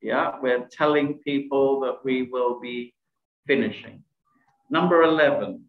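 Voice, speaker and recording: Over a video call, a man runs a presentation skills workshop, quizzing participants and praising what they answer. His voice sits at medium pitch and moves a little slowly. The video call microphone gives echoey, dull audio.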